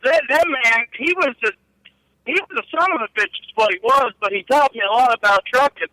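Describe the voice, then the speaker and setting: Brisk and forceful, this middle-aged guest tells rambling, foul-mouthed trucking stories, laughing along at them in a casual storytelling session. His very high-pitched voice sounds bright. The low-quality recording has no room sound.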